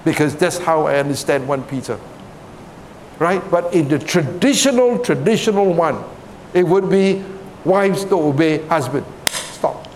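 High-voiced guy giving a chatty sermon, keeps saying right?, big hall, low rumble behind. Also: lively intonation, a little slow, darkish tone. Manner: conversational, keeps asking "right?", tells jokes. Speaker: preacher. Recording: reverberant hall with faint rumble.

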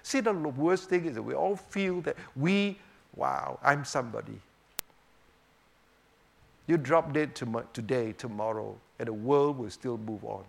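A man teaching a sermon on the Psalms, swinging between emphatic rhetorical questions and hushed, quiet moments. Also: medium pitch, a little slow, vocal fry. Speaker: preacher.

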